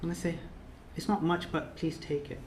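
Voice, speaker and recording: A man's voice: fairly high pitch, flat delivery, moderate pace, a little hiss or hum. Earnest man speaking in an echoey room. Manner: earnest, repetitive, emphatic. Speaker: course trainer giving a speech. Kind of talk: emotional closing speech. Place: reception room in a residence. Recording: echoey room, faint ambience.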